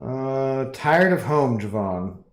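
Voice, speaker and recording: A man hosting a livestream, chatting casually with viewers and rambling through relaxed asides while reading chat. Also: medium pitch, takes it slowly, echoey room.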